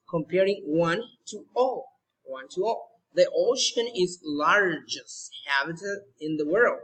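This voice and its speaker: A young man, teaching a recorded homework lesson to schoolchildren, slow and patient, repeating words and checking in often. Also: a little high, slightly rough. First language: Spanish.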